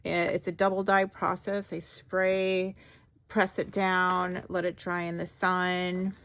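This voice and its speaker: A woman hosting a craft video, talking slowly and softly as she walks through her project with gentle enthusiasm. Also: lowish voice, completely flat delivery. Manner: slow, soft-spoken, gently enthusiastic. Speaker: craft channel host. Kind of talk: craft-along narration.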